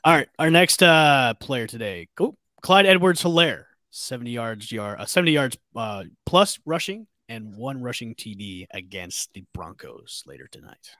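A man hosting a casual football podcast, moving things along with quick okays and all rights. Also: medium pitch, very animated, pushed and bright, no echo, clean studio sound. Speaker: podcast host. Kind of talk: casual sports chat.

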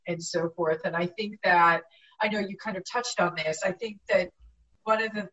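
A woman actress telling lively stories in a casual interview, laughing often. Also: fairly low pitch, recorded from a distance, lo-fi sound. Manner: animated anecdotes with frequent laughter. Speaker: actress guest.

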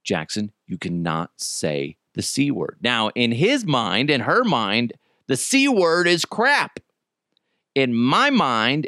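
A man's voice: fairly high pitch, no room sound, clean studio sound. A middle-aged man hosting a casual solo podcast, telling crude jokes and stories while hiccuping. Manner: crude, joking, animated storytelling. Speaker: podcast host.

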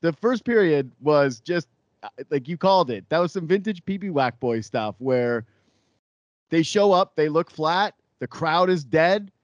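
A man co-hosting a sports podcast in casual chat, animated and jokey, acting out quotes. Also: fairly high pitch, measured pace, no room sound, dull audio.

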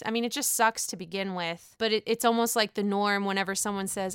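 A woman giving casual, blunt commentary, full of swearing and animated outbursts. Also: mid-range voice, brisk, few pauses, clear, resonant tone, no echo, studio quality. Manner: blunt, profane, animated rant.

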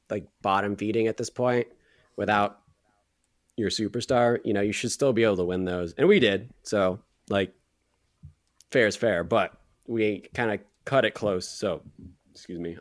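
Low-voiced joking man on a podcast. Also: steady tone, moderate pace, no room sound, clean studio sound. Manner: teasing, joking, filler-heavy. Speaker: podcast co-host. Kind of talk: casual sports chat.

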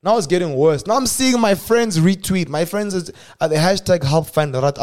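A young South African man hosting a show, telling a personal story casually and swinging from hushed asides to loud exclamations. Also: sits high, expressive, fairly quick. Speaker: podcast host.

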